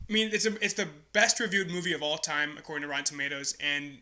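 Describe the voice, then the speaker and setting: Bright-voiced, enthusiastic young man. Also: a little high, fast. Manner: enthusiastic, gushing, laughs often. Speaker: podcast co-host. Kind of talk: casual movie review chat.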